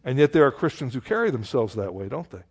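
A man's voice: medium pitch, very animated, fast talker, darkish tone, breathy edge. A man preaching a verse-by-verse sermon in a conversational way, full of rhetorical questions and exclamations. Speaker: pastor. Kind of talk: expository sermon.

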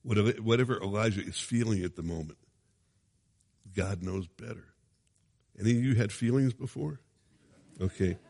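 A low-voiced male preacher reads scripture dramatically and breaks into relaxed, conversational asides with a chuckle. His voice rings with a long reverb, as in a large hall. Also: normal speed, vocal fry, long pauses. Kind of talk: sermon with scripture reading.

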